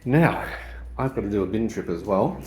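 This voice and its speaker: A man's voice: on the low side, animated, normal speed, a little mellow, slight background noise. A man with an Australian accent narrating a casual vlog, giving a running commentary as he does household chores. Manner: chatty, running commentary while doing chores. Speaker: vlogger.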